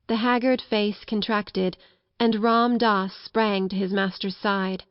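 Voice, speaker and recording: Audiobook narrator, female, mid pitch, soft storytelling, dull dry recording. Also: fairly even intonation, slow, clear, resonant tone, dry recording. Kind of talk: scripted narration of a children's classic.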